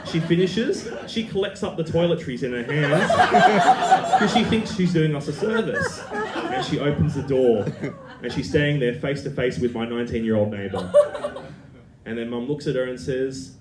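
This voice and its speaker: Guy in his 30s telling a funny story, voice swings up and down a lot, echoey room w loud noise. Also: medium pitch, moderate pace. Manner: animated, laughing storyteller. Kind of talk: comic personal anecdote.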